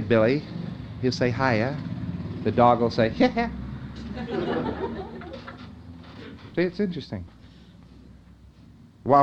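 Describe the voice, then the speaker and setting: A man's voice: medium pitch, darkish tone, dull audio, a little hiss or hum. A man giving an informal lecture in a conversational way, often checking in with his listeners.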